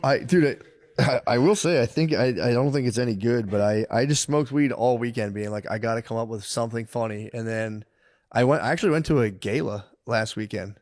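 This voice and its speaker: A man's voice: medium pitch, fairly quick, a little mellow, no echo. Crude, rambling man telling stories. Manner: rambling, crude, laughs at his own jokes. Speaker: podcast comedian. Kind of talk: casual storytelling chat.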